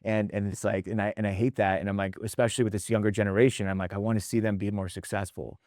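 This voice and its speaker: Lively low-voiced man telling stories. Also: quick pace, no room sound, clean studio sound. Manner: animated storyteller, acts out quotes, tags lines with "right?"; casual, mild swearing. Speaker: restaurant leadership founder and host. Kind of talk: casual podcast conversation.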